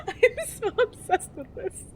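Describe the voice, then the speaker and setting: A woman's voice: very high-pitched, a little hiss or hum. A woman streamer reading game text aloud in a cheery infomercial-style voice and giggling often.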